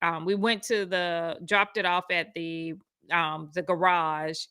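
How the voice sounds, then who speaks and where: A woman casually telling a personal story, animated and acting out the voices of the people in it. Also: slow pace, clean tone, dry recording. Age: adult with school-age kids. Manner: animated, acts out quoted voices with big pitch jumps. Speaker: speaker sharing a personal testimony.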